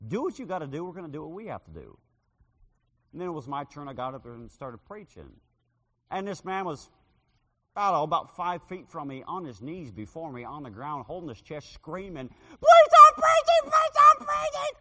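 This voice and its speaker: A male street preacher delivers a sermon with a personal story, his somewhat high voice bright, forceful, and swooping in a lively way. A long reverb makes it ring out as if in a large hall, and he slips into dramatic voices when retelling stories.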